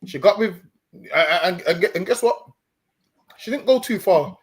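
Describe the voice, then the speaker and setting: A man with a high voice lectures his listeners on a stream. He talks in a preachy way, stumbles over repeated words and keeps coming back to "listen, man.". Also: animated, moderate pace. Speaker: street preacher co-host. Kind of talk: stream discussion.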